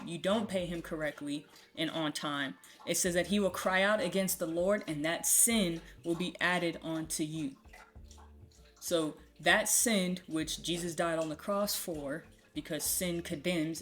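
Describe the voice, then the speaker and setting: Low-voiced woman teaching scripture casually. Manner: conversational, frequent "um" and "right?" tags. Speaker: Bible teacher. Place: home with a puppy nearby.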